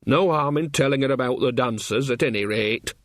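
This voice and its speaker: A man voicing a cheerful old female witch who mumbles and tries to smooth things over. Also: medium pitch, brisk, dry recording, studio quality, natural voice. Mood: chummy. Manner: chummy, mumbling, soothing.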